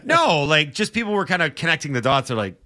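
Dry, bright-voiced male radio host. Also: on the high side, sing-song, fast, dry recording. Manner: wry, laughs between lines. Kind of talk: casual sports radio banter. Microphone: close studio mic.

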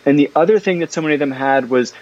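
A man guesting in a casual interview conversation, talking about his books in an animated, chatty way, full of fillers and restarts. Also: fairly high pitch, rapid-fire, muffled recording. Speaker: guest, parenting author.

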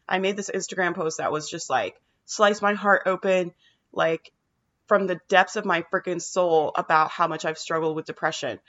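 A woman's voice: on the low side, a bit bright, highs cut off. A woman giving an emphatic motivational monologue to her viewers, swearing casually and asking "right?" often. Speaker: mental health vlogger.

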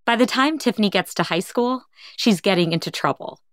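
A woman host narrating the story in a calm, scripted way and asking her guest short questions. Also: medium pitch, a little fast, no echo, studio quality.

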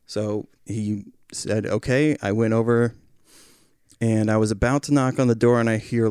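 A man in his thirties chatting on a podcast, calmly recounting a confrontation and quoting the other man in a raised voice. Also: on the low side, smooth, no echo, studio quality. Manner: calm, measured, quotes others in raised voice. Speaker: podcast guest, father. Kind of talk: casual chat, storytelling.

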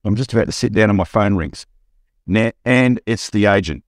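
A middle-aged Australian man, a buyer's agent, telling an animated anecdote on a podcast and acting out the quotes. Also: normal speed, no echo, studio quality. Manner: storytelling, acts out quotes with rising pitch.

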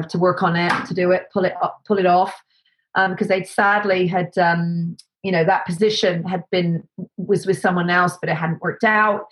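A woman telling lively anecdotes as an interview guest, acting out other people's voices with lots of fillers and restarts. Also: on the low side, low-quality recording. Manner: animated, acts out quoted voices, many fillers and restarts. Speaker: guest, set decorator. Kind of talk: casual anecdotal storytelling.

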